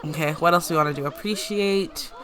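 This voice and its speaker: A young woman casually commentating a life-sim game, chatty and giggly, voicing the characters' lines in quick playful asides. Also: low voice, a bit bright. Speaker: gameplay commentator. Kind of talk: casual let's-play commentary.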